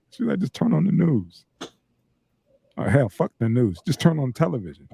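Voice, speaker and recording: A man's voice: fairly high pitch, lively intonation, brisk, creaky, dark tone, slightly rough, no echo. A man on a podcast chatting casually, blunt and heavy on swearing, laughing as he talks. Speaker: podcast co-host. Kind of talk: casual chat. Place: podcast studio.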